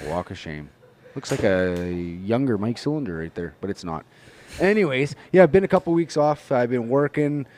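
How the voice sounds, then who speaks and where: A man co-hosting a casual podcast, relaxed, often trailing off quietly. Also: medium pitch, normal speed, slight background noise. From Canada. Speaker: podcast co-host. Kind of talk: casual chat.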